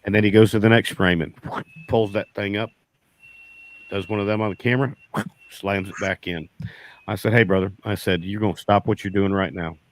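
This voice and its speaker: Man, low voice, folksy beekeeper telling stories. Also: steady tone, brisk, pauses often, slight background noise. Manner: folksy, repeats "I said" in quoted dialogue. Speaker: beekeeper guest. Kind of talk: casual storytelling.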